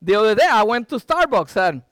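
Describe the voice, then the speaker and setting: High, lively-voiced preaching pastor. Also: male voice, fairly quick, no echo, clean studio sound. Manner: dramatic preaching with sudden loud and quiet swings; folksy, joking asides to the congregation. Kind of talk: sermon.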